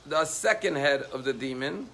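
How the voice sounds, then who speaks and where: Gravelly rabbi telling a story. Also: male voice, fairly high pitch, animated, moderate pace, a bit bright. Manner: emotive retelling with rising intensity on quoted pleas. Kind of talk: sermon storytelling.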